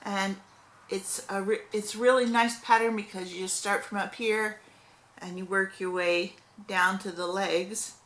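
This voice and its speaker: Slow, rambling middle-aged woman vlogger. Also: mid-range voice, fairly even intonation, fairly bright tone. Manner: rambling, with many fillers and self-corrections. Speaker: crochet vlogger. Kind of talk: casual crochet show-and-tell.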